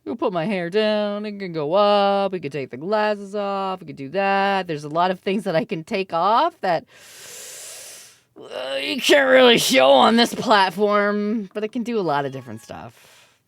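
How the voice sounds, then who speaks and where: A woman's voice: medium pitch, animated, moderate pace, no echo, clean studio sound. A woman in her thirties, chatting playfully on a live stream, laughing often and swearing freely. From Canada. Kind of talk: casual live-stream chat.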